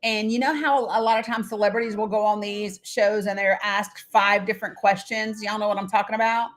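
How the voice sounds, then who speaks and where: A woman's voice: medium pitch, steady tone, a little fast. A middle-aged woman hosting a live stream in casual chat, talking straight to her viewers by name, blunt and swearing freely.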